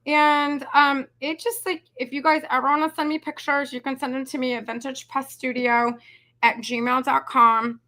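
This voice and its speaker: A woman close to fifty hosts a live crafting session, chatty and rambling, calling out to viewers. Her voice is bright and forceful and sits a little high. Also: flat delivery, normal speed. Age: 40s. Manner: chatty, rambling, says "y'all" and "you guys". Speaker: craft video host. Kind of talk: casual live craft tutorial chat.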